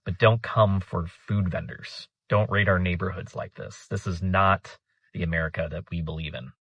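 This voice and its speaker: A man delivering a firm, measured prepared statement with rhetorical repetition. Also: sits low, steady tone, a bit bright, breathy edge, no echo.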